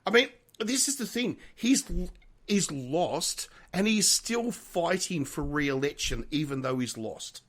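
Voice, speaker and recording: Man podcast co-host, higher voice with big swings in pitch, animated, rambling and apologetic. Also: takes it slowly. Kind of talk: casual political chat.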